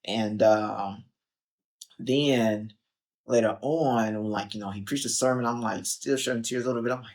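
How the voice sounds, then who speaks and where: A young Chicagoan with a mid-range voice speaks at a moderate pace as a podcast guest. He tells his story in a relaxed, animated way, acting out quotes and using "like" and "um" as fillers.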